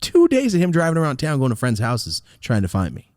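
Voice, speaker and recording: A young man hosting a podcast, telling a personal story in a casual, profane, animated way with a close, dry sound. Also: fairly quick, no echo. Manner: animated, profane, swinging wildly in pitch. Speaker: podcast host.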